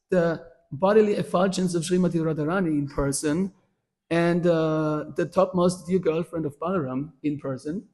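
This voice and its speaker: A man, telling a devotional story at a workshop with many fillers and restarts. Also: a little high. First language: German. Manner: animated, with frequent fillers and restarts. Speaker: workshop speaker.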